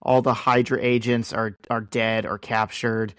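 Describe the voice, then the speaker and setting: A man's voice: mid-range voice, level tone, unhurried, fairly bright tone, no echo, studio quality. A man hosting a podcast, chatting casually and retelling a comic book story with lots of fillers. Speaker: podcast host.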